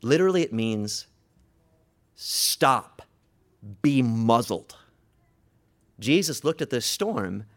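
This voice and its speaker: A man preaching a sermon, retelling a story dramatically, swinging from hushed words to loud cries. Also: medium pitch.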